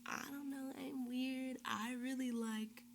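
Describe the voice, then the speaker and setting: A woman's voice: high-pitched, steady tone, takes it slowly, gravelly, slight background noise. A young woman guesting on a casual podcast chat, giggly and agreeable, often chiming in with short affirmations.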